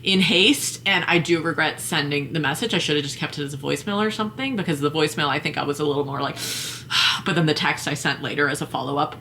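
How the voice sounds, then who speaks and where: A woman's voice: deep voice, fast talker, pushed and bright, a little hiss or hum. A woman vlogger and mom telling a story in casual chat, full of "like" fillers. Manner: chatty, lots of fillers like "like".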